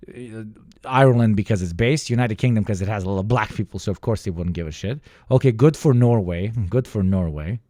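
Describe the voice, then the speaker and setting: A man's voice: on the low side, fairly quick, dark tone, dry recording, clean studio sound. A young man from the former Yugoslavia giving a casual, profane, ranting reaction commentary and mimicking other people. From former Yugoslavia, Balkans. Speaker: reaction streamer.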